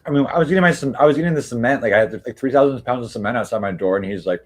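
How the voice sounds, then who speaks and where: A man's voice: medium pitch, very fast, few pauses. A man chatting casually on a livestream, rambling with many fillers and restarts. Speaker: streamer.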